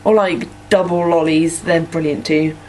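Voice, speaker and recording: A woman's voice: low-pitched, steady tone, moderate pace, darkish tone, a little hiss or hum, low-quality recording. A young woman from Norfolk, England, with an English accent, rambling through follower questions and filling gaps with "like" and "um". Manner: chatty, rambling, many "like" and "um" fillers. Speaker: vlogger answering follower questions. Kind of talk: casual chat.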